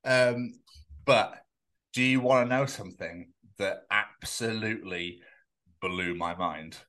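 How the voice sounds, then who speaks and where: A man co-hosting a podcast in casual chat, telling sweary, animated stories and acting out what other people said. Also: lowish voice, slow pace. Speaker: podcast co-host.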